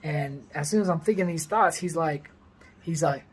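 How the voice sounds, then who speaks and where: A man's voice: a little high, normal speed, slight background noise. Rambling storyteller man from California. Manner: rambling, heavy on fillers, lively when quoting others. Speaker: vlogger. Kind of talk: casual personal storytelling.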